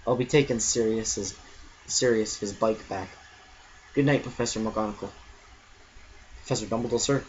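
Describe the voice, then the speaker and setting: A man voicing a big, tearful, soft-hearted giant who talks through sobs, on a dull lo-fi recording. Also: fairly low pitch, moderate pace, long pauses, a little hiss or hum, lightly acted. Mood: muffled. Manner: sobbing, choked-up.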